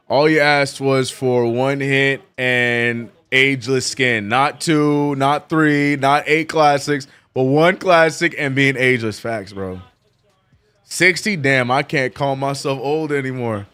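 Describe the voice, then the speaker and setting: A man hosting a live sports watch-along, chatting casually and excitably with lots of slang and repeated "bro". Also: mid-range voice, takes it slowly, smooth. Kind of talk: casual live-stream chat.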